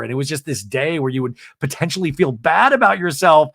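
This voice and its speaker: A man hosting a podcast, recapping a reality TV episode in a gossipy, animated, casual chat full of fillers. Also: a little high, moderate pace, few pauses, no room sound, clean studio sound. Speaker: podcast host.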